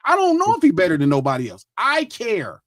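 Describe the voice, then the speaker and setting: A man's voice: high-pitched, huge pitch swings, a little fast, no echo, studio quality. A middle-aged man, hosting a podcast and arguing his point in a heated, profane, insistent casual debate. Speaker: podcast host.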